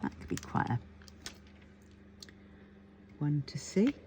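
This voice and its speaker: A low-voiced woman chats to camera as a crafting vlogger, thinking aloud and rambling through her plans with lots of fillers. Faint keyboard tapping and room ambience sit quietly behind her. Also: huge pitch swings, takes it slowly, a little hiss or hum. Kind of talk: casual chat to camera.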